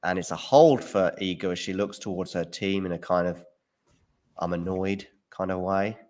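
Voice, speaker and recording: A man with a very low, deep voice calls a tennis match as it happens. His play-by-play is relaxed and mixed with his own opinions on the points. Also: a little fast. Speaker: watchalong host. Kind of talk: live match commentary.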